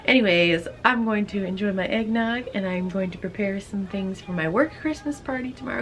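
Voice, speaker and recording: A woman's voice: mid-range voice, brisk, hardly any pauses, rough recording. A woman chatting casually in a home vlog, explaining what she is doing as she goes. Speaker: vlogger cohost. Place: home kitchen and living room.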